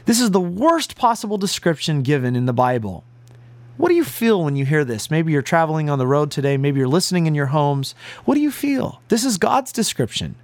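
A man's voice: on the high side, very animated, brisk, dry recording. A man preaching an earnest, emphatic sermon as pastor. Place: broadcast to listeners at home and on the road.

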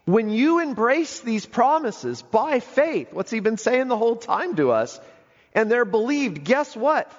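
A man preaching a sermon with emphatic delivery, swinging between soaring and hushed moments. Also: very high voice. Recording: dull lo-fi audio with long hall reverb.

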